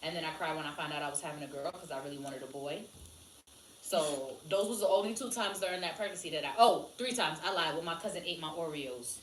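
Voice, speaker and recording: A woman co-hosting a podcast, telling animated stories in casual chat and swearing freely. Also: low voice, quick pace, slight background noise. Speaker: podcast co-host. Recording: echoey room, mic at a distance.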